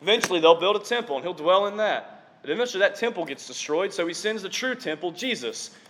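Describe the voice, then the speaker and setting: A man preaching a sermon to his congregation in an excitable, conversational way, often dropping in casual fillers. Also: sits high, fast talker. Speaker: preacher on staff.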